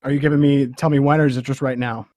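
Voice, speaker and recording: A theatrical, excitable man talking fast during an online party game on a video call. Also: mid-range voice, dry recording. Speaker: game player. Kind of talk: casual game banter.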